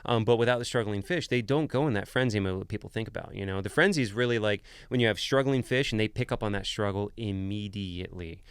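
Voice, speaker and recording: A man with a smooth, resonant voice telling stories in an animated, loose way. His talk is full of "like" and "bro". The sound is dry and close in a podcast studio. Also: on the low side, fast talker, few pauses, no room sound. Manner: animated, filler-heavy, says "bro" and "like". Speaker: podcast guest, wildlife photographer and shark dive guide. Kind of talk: casual storytelling.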